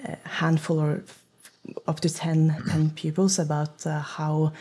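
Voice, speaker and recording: A woman's voice: sits low, level tone, measured pace, mellow, husky. A woman, a project manager being interviewed, speaking thoughtfully with many restarts. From Norway. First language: Norwegian. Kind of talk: interview talk.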